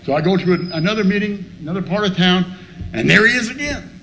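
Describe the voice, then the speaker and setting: A man's voice: high voice, animated, quick pace, sharp tone, slight background noise. A man telling a blunt, profane story at a recovery meeting and acting out both sides of the talk. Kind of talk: storytelling share with humor.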